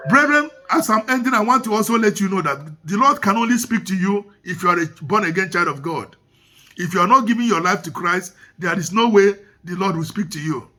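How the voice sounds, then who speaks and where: A man's voice: sits high, expressive, a little fast, sharp tone. A man preaching a sermon in church, emphatic and repeating his key lines.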